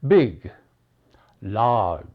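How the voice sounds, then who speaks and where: A man teaching English spelling at a very slow, measured pace, with a lot of rise and fall in his voice. He leaves a gap after each example word. The recording sounds dull and lo-fi. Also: on the low side, very animated. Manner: slow, deliberate, pausing between words.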